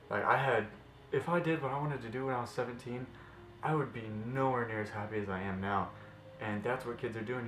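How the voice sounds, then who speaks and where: A man's voice: on the low side, a bit bright, a little hiss or hum. A man in his twenties ranting passionately to camera in a fitness vlog, blunt and swearing freely. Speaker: fitness vlogger. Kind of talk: impassioned vlog rant to camera. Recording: roomy echo with faint music.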